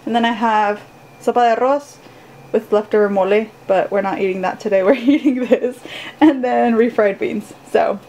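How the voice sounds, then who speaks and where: Young woman vlogger at home, chatty and rambling, a little high-pitched. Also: moderate pace, a little mellow. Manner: rambling, filler-heavy "like" talk. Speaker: book vlogger. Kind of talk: casual vlog chat.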